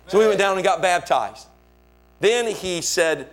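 Preaching at a normal speed in a high-sitting voice, a male pastor fills his sermon with stories. He performs them with animation, giving each quoted person their own voice.

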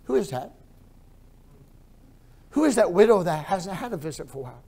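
Guy preaching a sermon, goes quiet then really loud, says stuff over and over. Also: sits high, big pitch swings, moderate pace, vocal fry, pauses often. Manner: repeats phrases for emphasis. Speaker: pastor.

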